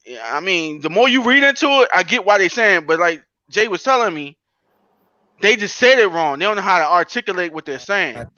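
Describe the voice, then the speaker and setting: A man's voice: high voice, animated, fairly quick, bright, forceful tone, dry recording, lo-fi sound. A man co-hosting a casual podcast chat, talking earnestly and explaining at length.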